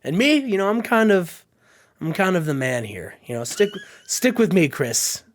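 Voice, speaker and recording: A man doing a low, calm jailhouse boss. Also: moderate pace, a little hiss or hum. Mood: smooth. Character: tough male jail boss, calm and low.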